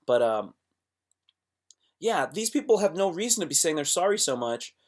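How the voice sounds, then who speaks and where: Young male streamer giving an animated motivational talk that swings from quiet to loud. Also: normal speed. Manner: animated, swings between low murmurs and loud exclamations; acts out quoted voices. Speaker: live streamer. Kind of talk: casual motivational monologue.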